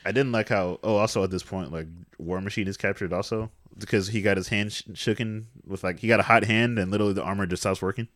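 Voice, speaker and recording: Quick-talking low-voiced man, dry sound. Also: fairly even intonation, fairly bright tone, dry recording. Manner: wry, quick commentary with frequent laughter. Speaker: podcast co-host. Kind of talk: casual movie recap chat.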